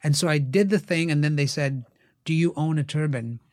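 A man's voice: fairly quick, dry recording. A man, an actor and TV writer, telling stories as a guest in a casual interview, acting out the voices of other people. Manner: animated, acts out quoted voices with big jumps in pitch.

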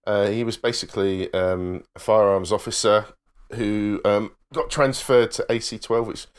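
A man's voice: on the low side, steady tone, normal speed, clean tone. A man chatting casually on a podcast, enthusiastic and full of fillers. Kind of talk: casual chat.

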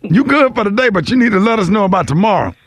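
A man's voice: high voice, lively intonation, quick pace, breathy edge, dry recording, studio quality. A man hosting a morning radio show, teasing and questioning a caller in comedic banter.

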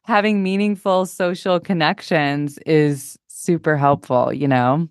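A woman's voice: deep voice, steady tone, measured pace, clean tone, dry recording, clean studio sound. A woman speaking as a guest coach in a casual interview, upbeat and encouraging, laughing often.

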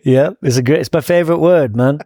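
A man with a Manchester accent telling his recovery story on a podcast, profane and animated, laughing often. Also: a little high, brisk, no echo, studio quality. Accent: Manchester English. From England. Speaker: podcast guest. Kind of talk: recovery story, casual chat.

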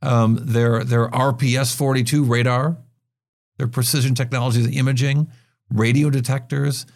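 A man of ordinary pitch hosts a business podcast and explains company news as if chatting with a co-host. He is conversational and stumbles into restarts as he thinks aloud. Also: little pitch movement, a little mellow. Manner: conversational, quick asides, frequent restarts.

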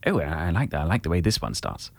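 A man co-hosting a comedy podcast, reading letters and bantering with frequent stumbles. His voice is lowish but moves around a lot. It sounds close and dry. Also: big pitch swings, fast, vocal fry, no echo. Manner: hesitant, stumbling restarts, polite dry humour. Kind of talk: casual comic chat.

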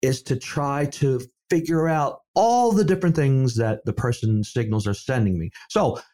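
A man's voice: mid-range voice, moderate pace. A middle-aged man, a safety professional, telling stories in a conversational interview and acting out the dialogue he quotes. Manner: animated storyteller, acts out quoted dialogue. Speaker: safety professional and seminar speaker.

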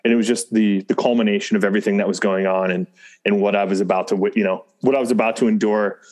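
A middle-aged man with a low-set voice talks in easy casual conversation. He rambles, doubles back on his words and laughs lightly often. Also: steady tone, quick pace, a little mellow. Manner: rambling, self-interrupting, chuckles often. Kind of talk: casual chat.

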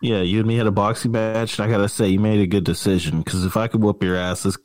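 Male podcast host, laid-back teasing banter, casual swearing, lowish voice, dry sound. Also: steady tone, fast talker, darkish tone, dry recording.

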